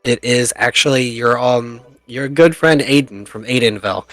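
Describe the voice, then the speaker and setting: A man's voice: mid-range voice, steady tone, normal speed, fairly bright tone. A man narrating as game master of a tabletop game, chatty and laughing often at his own jokes.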